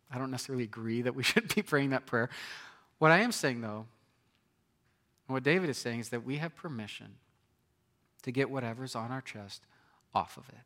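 A man's voice: mid-range voice, pushed and bright. A man preaching a sermon in a conversational way, often asking his listeners rhetorical questions. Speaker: pastor.

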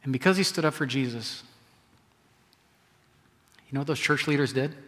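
A man preaching a sermon from the pulpit, with dramatic swings from loud emphasis to quiet, hushed phrases. His voice sits at a middle pitch. Long reverb trails after each phrase in a large church. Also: normal speed. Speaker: pastor.

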